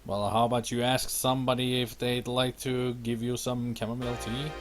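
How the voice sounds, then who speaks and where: A man's voice: mid-range voice, little pitch movement, moderate pace. A man live-streaming a computer game, sarcastically talking back to the characters. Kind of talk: gaming commentary. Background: game music.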